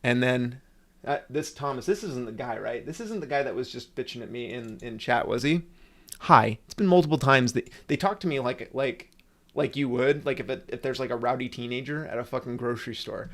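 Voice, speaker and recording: A man's voice: mid-range voice, lively intonation, brisk, vocal fry, fairly bright tone. A man hosting a casual livestream, ranting with sarcasm and frequent swearing. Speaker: livestream host.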